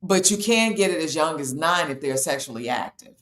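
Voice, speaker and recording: A woman's voice: deep voice, animated, brisk, fairly bright tone, echoey room. A woman explaining a health topic in a casual, matter-of-fact way, as host of a talk show. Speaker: health educator.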